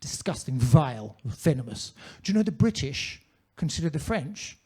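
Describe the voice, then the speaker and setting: A man's voice: on the high side, sing-song, normal speed, darkish tone, husky. A man performing a stand-up comedy set on a comedy club stage, in a pompous manner with ornate wording.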